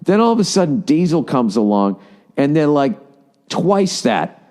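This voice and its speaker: A man's voice: on the high side, big pitch swings, unhurried, darkish tone. Profane ranting male comedian. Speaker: podcast host. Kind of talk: comedic solo rant.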